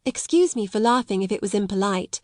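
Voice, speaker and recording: A woman's voice: medium pitch, lively intonation, a little fast, a little mellow, no room sound, studio quality, natural voice. A woman doing a proud, grandly polite schoolgirl. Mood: earnest. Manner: grand, polite, self-possessed. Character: proud, composed young schoolgirl.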